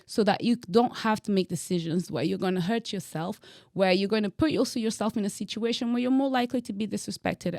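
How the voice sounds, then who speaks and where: A woman's voice: mid-range voice, a little mellow, no room sound, studio quality. A young woman from Angola giving bold, teasing opinions straight to camera in her vlog, with dramatic emphasis. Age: young adult. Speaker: vlogger. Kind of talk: opinionated direct-to-camera monologue.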